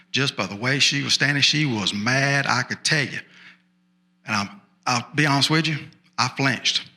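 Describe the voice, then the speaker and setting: A man's voice: medium pitch, bright, forceful tone. A man telling a folksy tall tale as a small-town sheriff, drawling and chatty, with repeated asides to the audience. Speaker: storyteller. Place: storytelling festival stage.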